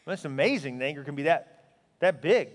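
A man preaching as a pastor, earnest and emphatic, often sinking to a quiet, intense tone. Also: on the high side, expressive, fairly quick, long reverb tail. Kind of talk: sermon.

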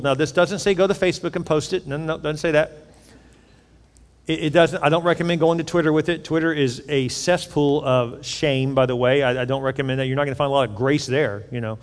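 A man's voice: a little high, steady tone, brisk. A middle-aged man preaching a sermon as pastor, conversational, acting out little scenes with quoted voices. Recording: reverberant hall.

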